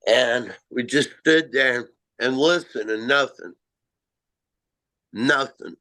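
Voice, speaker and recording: Slow-talking middle-aged man recounting an encounter. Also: mid-range voice, pushed and bright, rough recording. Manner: halting and self-mocking, with frequent restarts. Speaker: amateur Bigfoot researcher. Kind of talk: first-person encounter storytelling.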